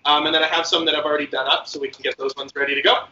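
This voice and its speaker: Bright-voiced chef with lo-fi sound. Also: male voice, a little high, rapid-fire, slight background noise. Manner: relaxed, hesitant with many fillers. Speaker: guest chef. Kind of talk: cooking demonstration.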